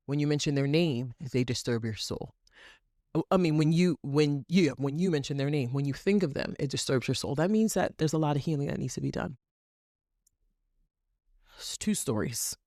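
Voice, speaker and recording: A woman's voice: sits low, a little mellow, no echo, clean studio sound. A woman hosting an inspirational podcast, telling stories animatedly and repeating phrases for emphasis. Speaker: podcast host. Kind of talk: inspirational monologue.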